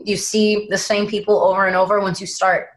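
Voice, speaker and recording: Young actress guest chatting away, lively storyteller, does little voices for people. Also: female voice, mid-range voice, a little fast, low-quality recording. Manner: animated storyteller, acts out quoted voices. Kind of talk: casual interview chat.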